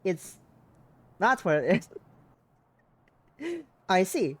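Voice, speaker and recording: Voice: mid-range voice, very animated, drawn-out words, husky, no room sound. A streamer reading a visual novel aloud and chatting, self-mocking and laughing often, trying out character voices.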